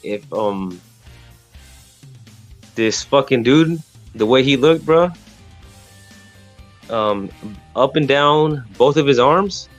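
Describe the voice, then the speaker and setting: A man's voice: medium pitch, expressive, slow, pauses often, soft background music. A man from Texas telling a story in casual, slangy podcast chat, rambling with frequent restarts.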